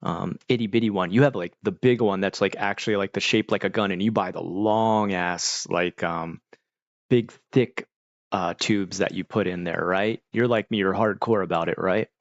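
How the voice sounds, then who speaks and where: Deep gravelly middle-aged man rambling. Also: steady tone, moderate pace, no echo. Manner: rambling, laid-back, heavy use of "like" and "dude". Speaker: streamer. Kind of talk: casual chat with live viewers. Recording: dull, dry lo-fi mic.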